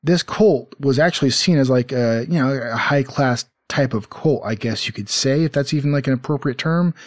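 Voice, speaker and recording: A man's voice: mid-range voice, normal speed, no room sound, studio quality. A man hosting a casual podcast, rambling with many fillers and restarts. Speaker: podcast host.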